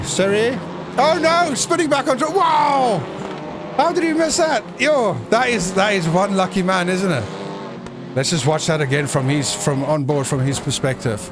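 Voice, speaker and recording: A man giving jokey, excitable live commentary on a sim race, breaking into shouts at crashes. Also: on the high side, background noise.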